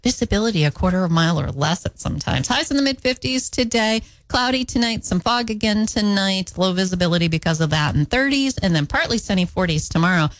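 A woman's voice: medium pitch, expressive, quick pace, hardly any pauses, dry recording. A woman co-hosting a morning radio show, dry and teasing, reading the weather from a studio mic. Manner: dry, teasing, matter-of-fact. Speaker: radio co-host and weather reader. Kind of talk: casual on-air banter. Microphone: studio microphone.

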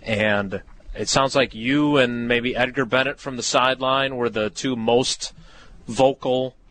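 A man's voice: mid-range voice, fairly even intonation, a little slow, fairly bright tone. A man hosting an interview, asking questions in a casual, joking, conversational way. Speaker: radio show host.

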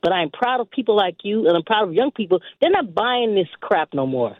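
An older man calling in to a talk radio show, lecturing forcefully with scorn. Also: high voice, big pitch swings, a little fast, dry recording. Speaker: caller. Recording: dry phone line.

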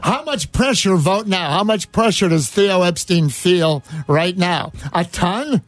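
A man's voice: high voice, animated, a little slow, no room sound. A man hosting a sports radio show, telling rambling stories full of fillers and restarts in casual banter.

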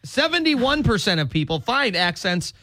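Man, radio morning show host, high bright voice, lively pitch, dry studio mic, upbeat banter. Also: normal speed, no echo. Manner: upbeat, laughs often, teasing. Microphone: studio microphone.

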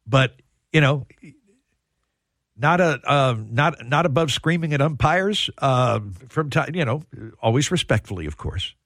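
A man who is a sports broadcaster, telling stories as a guest on a radio show, animated and full of restarts. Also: medium pitch, a little slow, no room sound, studio quality. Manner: animated storyteller, stumbling restarts. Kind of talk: casual sports radio chat.

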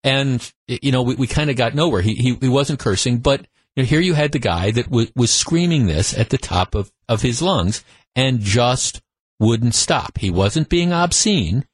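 A man's voice: medium pitch, animated, normal speed, breathy edge, no room sound. A man hosting a talk radio show, telling a story in a conversational monologue full of restarts, on a studio microphone.

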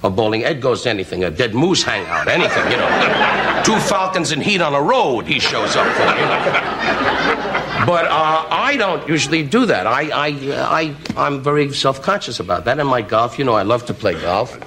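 A man's voice: mid-range voice, big pitch swings, normal speed. A man doing insult comedy as a talk show guest, firing teasing wisecracks and chuckling between jokes. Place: TV studio. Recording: archival TV clip with loud noise.

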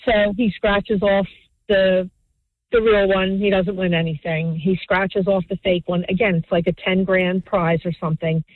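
A woman phones in and tells her story with animation, jumping into the voices of the people in it. She talks at a middling pitch. The sound is a thin, dry phone line. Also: moderate pace, no room sound. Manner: animated storyteller, acts out quotes. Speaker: caller.

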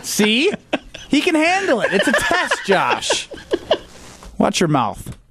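A man's voice: extremely high pitch, huge pitch swings, takes it slowly, creaky, bright, forceful tone, a little hiss or hum. A man co-hosting sports talk radio, playful and rambling, getting defensive when teased.

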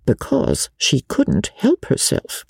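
A woman's voice: medium pitch, wildly swooping pitch, takes it slowly, gravelly, slightly rough, dry recording, studio quality, pitched above the performer's own voice, full character voice. A woman voicing a scheming, sanctimonious middle-aged woman in a prim, meddling tone.

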